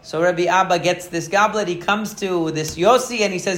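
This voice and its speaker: Speaking at a moderate pace in a high voice, a man gives a Torah lesson built around an animated story, with lots of fillers and false starts along the way.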